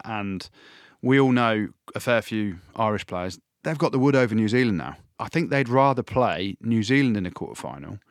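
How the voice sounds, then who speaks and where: A man co-hosting a casual rugby podcast, talking in an animated, emphatic and jokey way. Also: fairly low pitch, no echo, clean studio sound. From England. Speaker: podcast co-host. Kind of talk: casual sports chat.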